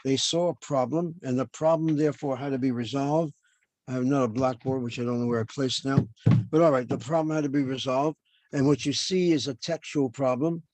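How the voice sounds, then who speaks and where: A man's voice: mid-range voice, fairly even intonation, a little fast, a little mellow, dry recording. An older man lecturing as a professor over a video call, explaining points and then asking and answering his own questions.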